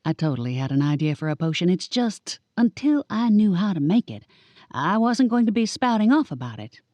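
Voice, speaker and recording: A woman narrating a cozy audiobook in the first person, giving each character a lively voice. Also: on the low side, a little fast, dry recording.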